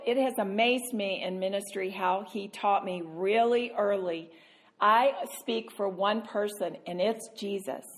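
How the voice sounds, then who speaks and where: A woman Christian speaker telling a self-mocking story, animated and laughing often. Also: mid-range voice. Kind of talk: storytelling talk.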